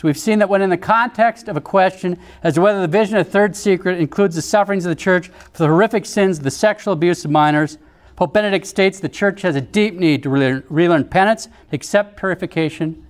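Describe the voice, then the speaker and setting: A man narrating in a measured, solemn reading style, quoting passages from written accounts. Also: sits high. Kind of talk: scripted narration reading visions.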